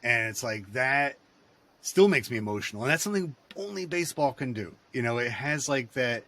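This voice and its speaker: A man's voice: medium pitch, animated, brisk, pushed and bright. A man in casual podcast chat, telling rambling, digressive stories.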